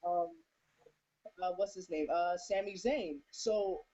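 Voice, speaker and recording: A woman in a casual chat, explaining points in a measured way with frequent fillers. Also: lowish voice, warm tone, a little hiss or hum. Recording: dull lo-fi.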